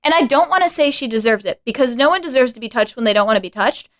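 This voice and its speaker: A woman co-hosting a casual podcast chat, with a high voice that swings widely. She talks in an animated way and laughs often. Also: fast talker. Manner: animated, laughing, acts out quotes in high squeals. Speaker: podcast co-host.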